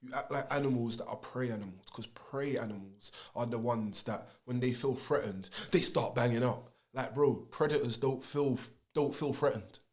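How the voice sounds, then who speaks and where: A man speaks in a casual podcast conversation. He sits at a middle pitch and talks earnestly, working through his point in everyday street slang. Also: normal speed, hardly any pauses.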